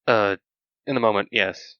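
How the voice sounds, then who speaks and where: A man's voice: fairly low pitch, moderate pace, smooth, dry recording. A man playing a tabletop game, hesitant and full of "like" fillers. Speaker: player. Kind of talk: casual tabletop play. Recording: dull lo-fi mic.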